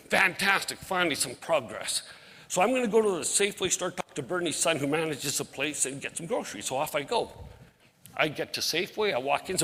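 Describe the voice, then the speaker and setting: A middle-aged outreach ministry leader, speaking as a guest in a church sanctuary, tells a lively, folksy story to the congregation, acting out the voices of its characters in a plain-spoken way. His voice is on the high side, brisk and a bit breathy. Hall reverb from the sanctuary fills the recording.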